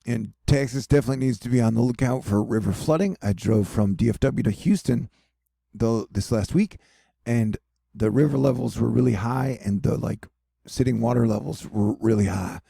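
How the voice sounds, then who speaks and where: A man's voice: medium pitch, normal speed, creaky, warm tone, slightly rough, no echo, clean studio sound. A man hosting a casual weather update, rambling along with jokey, self-mocking asides. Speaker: weather news host. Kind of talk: casual weather commentary over maps.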